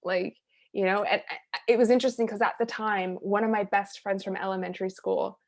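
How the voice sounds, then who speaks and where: A woman's voice: mid-range voice, steady tone, fairly quick. Earnest, reflective woman telling a personal story. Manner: earnest and reflective, trailing off into soft quiet phrases. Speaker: interview guest, wellness coach.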